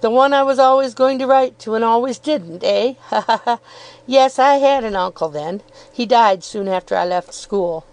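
Pitching slightly above her own voice, a woman performs a young law student in an audiobook: upbeat, good-humoured, chuckling and self-deprecating. Her tone is a little high and a little mellow yet natural, at normal speed, on a low-quality recording.

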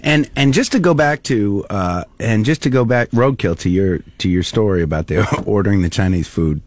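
Low-voiced earnest male co-host. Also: normal speed. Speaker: radio co-host. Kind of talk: casual radio banter.

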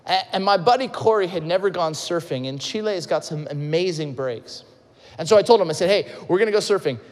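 A pastor preaching a sermon, telling a story and acting out its quotes with big swings between loud and soft. His voice sits fairly high for a man. The sound carries a long reverb from a large hall. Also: lively intonation, brisk.

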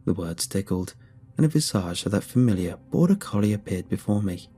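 A man reads a first-person horror story in a steady, measured voice. His tone is low, dark and husky. Faint music plays underneath the reading. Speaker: narrator. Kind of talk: scripted horror story narration.

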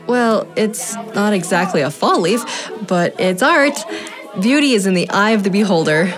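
A woman's voice: medium pitch, animated, moderate pace, over music, close to an everyday voice. A woman playing a kind, encouraging grade-school teacher in a children's audio drama. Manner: warm, encouraging.

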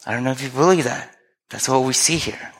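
A pastor delivers his sermon in an earnest, conversational manner, regularly asking rhetorical questions. He speaks briskly at a medium pitch, and the long reverb of a hall trails his words.

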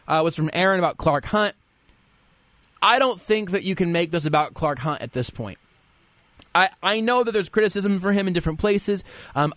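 Man, sports talk host, loose and conversational, slightly high voice. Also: fairly bright tone, dry recording. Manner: rambling, conversational, reads listener comments aloud. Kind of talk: casual sports talk show.

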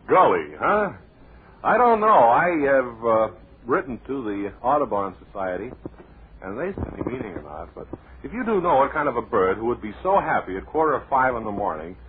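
A man hosting a comedy radio show in a deadpan, rambling, mock-serious way, heard on a tinny old radio recording with light hiss. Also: medium pitch. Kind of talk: deadpan comic radio patter.

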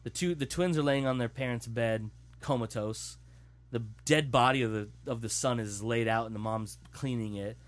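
A man's voice: mid-range voice, moderate pace. A young man tells a story in a loose, casual way, swearing freely. He mimics what the characters say as he retells the plot to his friends. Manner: animated, profane storytelling, acting out quotes.

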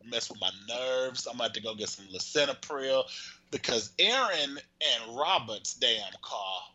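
Animated rambling man, bright voice. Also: mid-range voice, unhurried, muffled recording. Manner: animated, rambling, cursing, acts out the characters. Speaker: storyteller recapping a soap opera. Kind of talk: casual chat.

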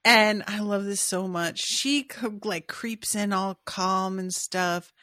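A woman's voice: medium pitch, takes it slowly, pushed and bright, no echo, studio quality. A woman co-hosting a book podcast, chatting eagerly about a novel, reading passages aloud and adding chatty asides. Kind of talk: casual book discussion.

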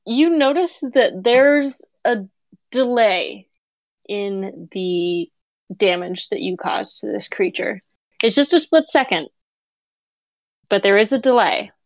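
A woman running a tabletop game as game master, brisk and often laughing. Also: medium pitch, expressive, no echo.

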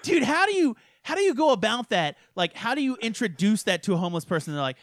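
High-pitched guy ranting, swears constantly, dead dry sound. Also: very animated, fast talker, few pauses, no room sound. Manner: ranting, crude, laughs often. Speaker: podcast co-host. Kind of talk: profane casual chat.

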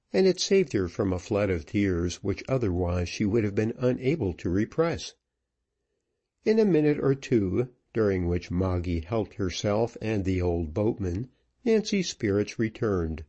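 A man narrating a novel at a slow, measured pace. His voice is mellow and dark, with lively rise and fall in pitch. He reads expressively. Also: husky. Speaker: audiobook narrator. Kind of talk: scripted narration.

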